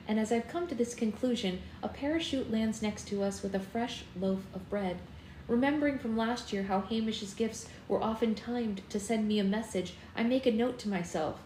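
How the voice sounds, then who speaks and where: This book club host, a woman, reads aloud from a first-person novel over a phone live stream, giving the dialogue expressive voices. She speaks at normal speed with a mid-range, slightly mellow voice. The recording has faint ambience from a roomy room plus slight background noise.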